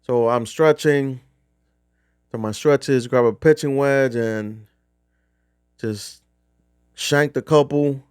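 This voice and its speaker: A man's voice: mid-range voice, takes it slowly, pauses often, a little mellow, smooth, dry recording, clean studio sound. A middle-aged man from New Jersey casually telling a rambling, profane golf trip story. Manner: rambling, profane, restarts often. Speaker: golf vlogger.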